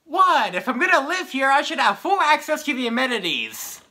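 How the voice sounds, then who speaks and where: A woman's voice: lowish voice, big pitch swings, normal speed, bright, forceful tone. A young woman acting in an amateur stage comedy as a blunt, demanding older woman, speaking in a brash, bossy way. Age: young adult. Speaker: student actor.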